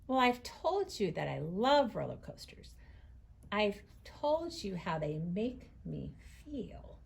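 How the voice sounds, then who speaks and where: A woman teaching young children to write, sounding out each word slowly and gently. Her voice has a gravelly, husky edge, and her pace is unhurried. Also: mid-range voice, big pitch swings. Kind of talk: read-aloud writing lesson for young children.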